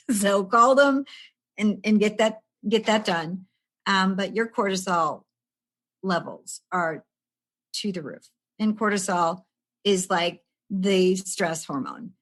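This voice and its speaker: A woman's voice: mid-range voice, takes it slowly, pauses often. A woman in her sixties, a stress management coach, telling her own story in a casual podcast chat and acting out the voices of the people in it. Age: 60s. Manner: animated storyteller who acts out quoted voices with laughs.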